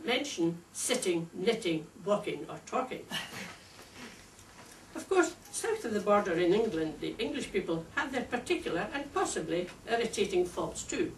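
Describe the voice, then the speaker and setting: An older woman with a Scottish accent delivering a prepared, humorous speech at a speakers club in a wry, measured, deliberate way. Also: medium pitch. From Scotland. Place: club meeting room. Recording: echoey room, distant mic, faint hiss.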